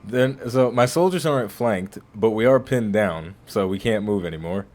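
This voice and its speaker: A gaming channel host with a lowish, slightly mellow, expressive voice narrates a video game playthrough at a moderate pace. His let's-play commentary is casual and rambling, with frequent restarted phrases.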